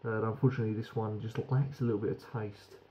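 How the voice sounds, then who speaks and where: A man's voice: on the low side, little pitch movement, quick pace, dark tone, a little hiss or hum, poor audio. A British man giving a frank, rambling beer review that swears casually.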